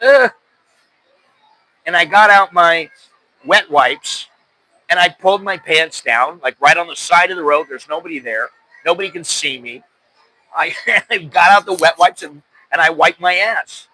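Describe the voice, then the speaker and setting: A man's voice: sits high, measured pace, bright, forceful tone, no echo, poor audio. A middle-aged American man hosting a podcast, telling stories in a loose, rambling, self-deprecating way. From United States. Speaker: podcast host. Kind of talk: casual chat.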